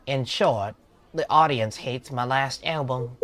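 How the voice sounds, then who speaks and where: A man's voice: medium pitch, takes it slowly, fairly bright tone, a little hiss or hum. A man putting on a glum British singer. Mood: gloomy. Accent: British, put on. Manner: glum, self-critical. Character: weary male singer with creative block. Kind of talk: game character voice-over.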